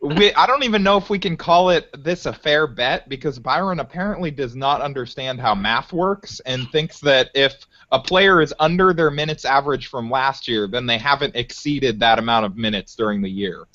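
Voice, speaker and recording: A man's voice: mid-range voice, normal speed, hardly any pauses, bright, forceful tone. Sarcastic male podcast guest. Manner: sarcastic, ranting. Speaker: podcast co-host. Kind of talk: casual sports chat. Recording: muffled lo-fi online stream.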